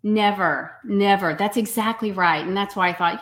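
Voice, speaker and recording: A woman's voice: medium pitch, normal speed, fairly bright tone. A woman in her forties, a guest actor in a casual interview, talking with upbeat emphasis and easy laughs.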